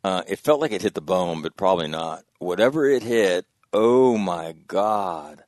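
A man's voice: low-pitched, animated, measured pace, a little mellow, no echo, clean studio sound. A man in his sixties telling a long personal story in casual chat, rambling and correcting himself and laughing at his own mishaps. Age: 60s.

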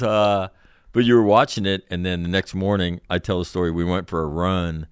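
A man's voice: low-pitched, normal speed, fairly bright tone, smooth, no echo, studio quality. A middle-aged man, a former Marine, rambling through a profane story in casual conversation, laughing as he goes. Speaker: former Marine officer recounting stories.

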